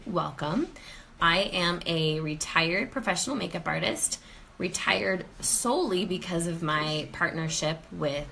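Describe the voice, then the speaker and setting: A woman's voice: fairly low pitch, creaky, a bit bright, a little hiss or hum. A woman from Colorado hosting a casual live stream from home, greeting viewers by name and laughing often. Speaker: host of a live sales stream. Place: home, near the kitchen.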